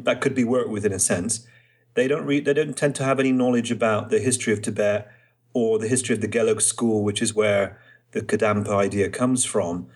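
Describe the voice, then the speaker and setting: A man's voice: on the low side, darkish tone, breathy edge. A man hosting a podcast in casual chat, explaining things with examples. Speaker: podcast host. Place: Trieste, Italy.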